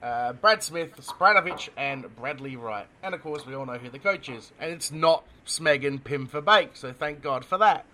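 An Australian man co-hosting a casual sports chat podcast, excitable, laughing often and tripping over names. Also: fairly high pitch, moderate pace, few pauses. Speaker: podcast co-host.

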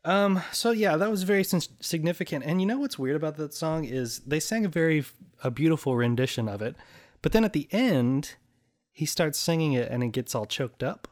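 A woman's voice: deep voice, lively intonation, a little fast, a little mellow. A woman co-hosting a casual chat, talking in loose, rambling runs. She giggles often and slips into little sung and acted bits. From American South.

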